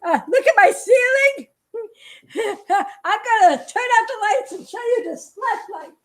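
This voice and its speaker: A woman animator chatting casually with fans at home, excitable and laughing constantly. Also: extremely high pitch, unhurried. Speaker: animator showing her work to fans. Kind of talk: casual home vlog chat. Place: her home, indoors.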